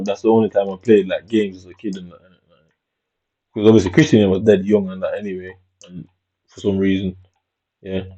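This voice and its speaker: A man's voice: low voice, dark tone, dull audio. A man telling a long, reflective story about his childhood in casual, rambling talk, dropping "innit" throughout. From Jamaica. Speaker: vlogger.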